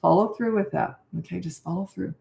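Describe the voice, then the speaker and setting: An older woman answers viewer questions in an off-the-cuff live Q&A, blunt and matter-of-fact, with frequent restarts as she thinks aloud. Her voice sits fairly low, and the room around her is echoey. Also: fairly quick, creaky, dark tone. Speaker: parenting coach.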